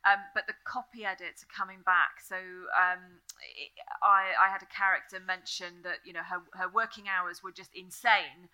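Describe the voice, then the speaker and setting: A woman's voice: mid-range voice, fairly even intonation, moderate pace, hardly any pauses, pushed and bright, smooth, poor audio. A woman author on a live festival panel, speaking thoughtfully and hesitantly with frequent ums. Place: festival stage before a live audience.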